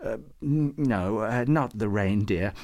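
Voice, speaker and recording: Reading from a storybook, a man voices a solemn, kindly old male saint who leads a council. He intones in a stately manner, slowly, with a lowish, slightly mellow voice and no echo.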